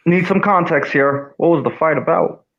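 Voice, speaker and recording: A man telling a funny personal story in a casual, animated way as co-host. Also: normal speed. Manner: animated, swings pitch up for quoted lines. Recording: dull lo-fi audio.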